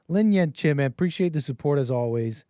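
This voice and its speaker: A man's voice: a little high, animated, a little fast, mellow, dry recording. A man in his thirties hosting a call-in livestream, talking casually in a rambling way, chuckling often and reading viewer messages aloud. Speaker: host of a call-in stream.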